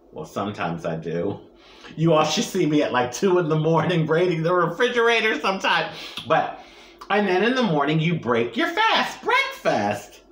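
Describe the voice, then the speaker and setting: A woman's voice: deep voice, fairly bright tone. A woman chatting playfully to her viewers while eating, cracking jokes and humming over each bite. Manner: playful, joking, savoring bites with long hums. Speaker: mukbang vlogger. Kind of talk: casual eating vlog chat. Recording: roomy echo.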